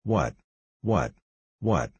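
A timid older village priest, anxious and peevish, as a man reads him. He stammers in a low, husky voice, recorded dry and close. Fear and grumbling run through every line. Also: expressive, normal speed, no room sound. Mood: frightened.

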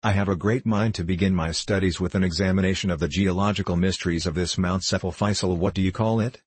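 A man reading the part of an eager, scheming elderly male professor who hides his excitement behind polite words, in a storybook reading. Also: low voice, fast, slightly rough, no room sound. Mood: feigned calm. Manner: excited, hiding his delight.

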